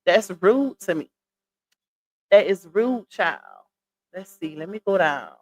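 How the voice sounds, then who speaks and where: A woman's voice: fairly low pitch, animated, slow pace. Southern woman in her thirties, talkative live stream host, chats with viewers casually. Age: 30s. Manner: chatty, shouts out viewers by name, reads comments aloud; laughs often, Southern slang like "child" and "y'all".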